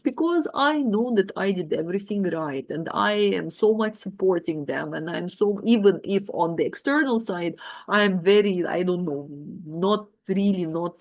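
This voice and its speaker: A woman's voice: mid-range voice, animated, normal speed, a little mellow. Middle-aged woman, mother giving advice, casual monologue, firm, emphatic, many fillers.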